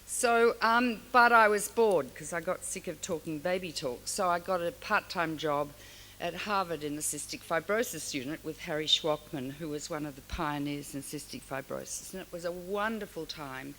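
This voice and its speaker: A woman's voice: low voice, normal speed. An older woman from Australia giving a frank, storytelling award speech to an audience. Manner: frank, storytelling, animated asides. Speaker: award speaker. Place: large hall. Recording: long hall reverb, faint hiss.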